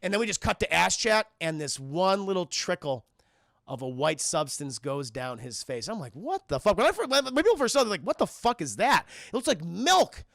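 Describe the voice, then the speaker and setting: A man with a high, heavily gravelly voice and a sharp, bright edge, recapping a movie live for his stream chat. He talks in an animated, profane rush through each scene, keeps turning to address the chat, and sounds close and dry. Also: a little fast, dry recording. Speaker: streamer and film reviewer. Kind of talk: livestream film review chat.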